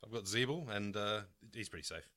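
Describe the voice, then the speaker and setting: A man's voice: on the low side, lively intonation, brisk, sharp tone, no room sound. An Australian man co-hosting a podcast, chatting casually with dry wisecracks. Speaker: podcast co-host. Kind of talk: casual chat.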